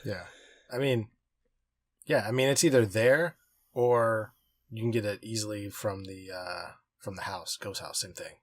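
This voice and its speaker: Laid-back man trailing off softly. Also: on the low side, a little slow, dry recording. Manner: relaxed, lots of "like", trailing soft endings. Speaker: podcast co-host. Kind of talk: casual chat about retro video games.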